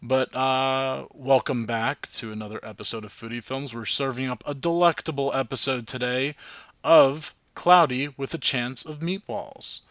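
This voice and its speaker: A man's voice: medium pitch, moderate pace, fairly bright tone, no room sound. Rambling, self-mocking male podcast host. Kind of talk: casual podcast chat.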